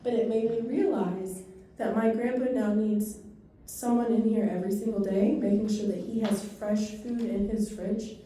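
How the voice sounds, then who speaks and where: A woman training an audience on dementia care, speaking fast and animated with a dark, mellow tone. Her voice is heard from a distance in a very echoey room. She tells stories with quick asides. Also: medium pitch, slight background noise. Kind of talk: training talk to a live audience.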